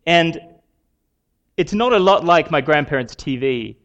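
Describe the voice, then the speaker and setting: Man preaching in a halting, chatty way. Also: a little high, animated, fairly bright tone, muffled recording. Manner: conversational, halting with many fillers. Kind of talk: sermon.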